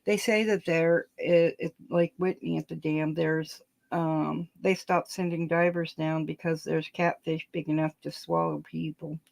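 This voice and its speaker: Slow, gravelly man in casual chat. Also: on the high side, level tone.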